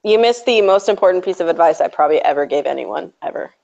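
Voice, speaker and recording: A woman's voice: on the low side, expressive, fast, gravelly, a little mellow. A woman hosting a stream in casual chat, sarcastic and chatty, laughing often. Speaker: stream host. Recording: dull lo-fi audio.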